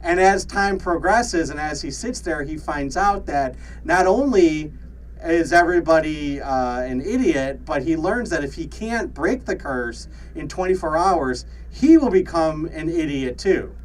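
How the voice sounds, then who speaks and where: A man's voice: a little high, animated, unhurried, recorded from a distance, a little hiss or hum, rough recording. Chatty man talking off-mic. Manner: laughs often, many fillers and restarts. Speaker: podcast co-host. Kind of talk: casual chat.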